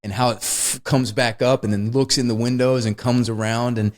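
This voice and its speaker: A man's voice: medium pitch, level tone, normal speed. A man co-hosting a podcast, chatting casually and enthusiastically about a film, often laughing mid-story. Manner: enthusiastic, laughs while telling stories. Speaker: podcast co-host. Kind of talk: casual movie review chat.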